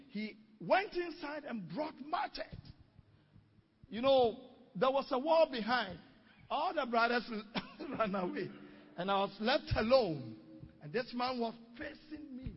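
High-voiced, husky male preacher. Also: measured pace. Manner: storytelling, animated, exclaiming. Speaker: pastor. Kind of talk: sermon with testimony. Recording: dull recording in a reverberant hall.

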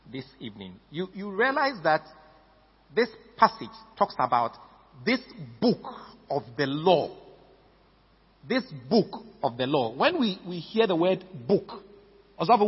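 Emphatic Ghanaian preacher, echoing hall. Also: male voice, a little high, breathy edge. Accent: Ghanaian English. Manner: emphatic, repeats words, stresses key words. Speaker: pastor. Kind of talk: sermon. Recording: dull lo-fi recording in a reverberant hall.

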